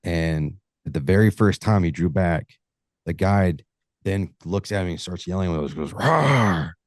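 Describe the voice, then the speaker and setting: A man's voice: deep voice, unhurried, a little mellow, no echo, studio quality. A man, a hunting podcast host, chatting casually as a guest and swearing freely while acting out stories. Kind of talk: casual interview chat.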